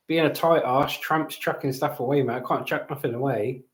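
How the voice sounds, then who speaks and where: A man's voice: medium pitch, brisk, reverberant. A middle-aged man hosting a casual home livestream, bantering and reading out chat messages. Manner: cheeky, banter-filled, reads out chat messages. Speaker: livestream host.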